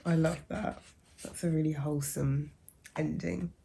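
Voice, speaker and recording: Brief: young woman book vlogger, low flat voice, soft and musing, casual chat. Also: unhurried, creaky, slight background noise. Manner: soft-spoken, musing, often hushed. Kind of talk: casual reading vlog.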